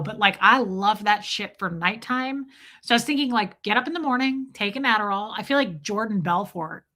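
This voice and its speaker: A woman talks casually to her livestream chat with a bright, sharp-edged voice. She tells a story in a self-mocking way and acts out each side of a conversation as she goes. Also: a little high. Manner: chatty, self-mocking, acts out quoted dialogue. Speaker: streamer.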